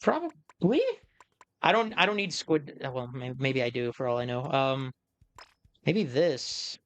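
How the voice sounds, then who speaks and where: Bright-voiced man streaming and thinking aloud. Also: medium pitch, unhurried. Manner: chatty, thinking aloud, self-amused. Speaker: game streamer. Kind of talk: casual live-stream commentary.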